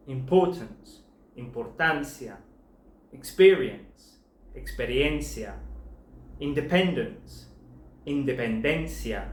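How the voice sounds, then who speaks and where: Man, language teacher, measured delivery, spelled-out letters, mid-pitched voice, echoey room. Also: a little hiss or hum. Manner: clear, slow spelling-out of letters and paired words. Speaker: Spanish teacher. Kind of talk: scripted language lesson.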